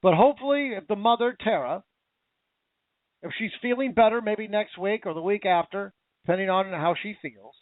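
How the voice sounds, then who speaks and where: High-pitched guy ranting on his radio show, angry and emotional, tinny phone-like sound. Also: no echo. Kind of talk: impassioned talk radio monologue.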